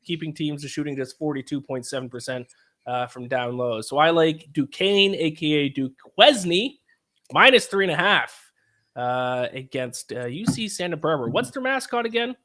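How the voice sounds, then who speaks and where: Male betting podcast host, bright, a bit higher voice, leads the chat. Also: expressive, normal speed. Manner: leads the segments and asks his co-host questions. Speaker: sports betting show host.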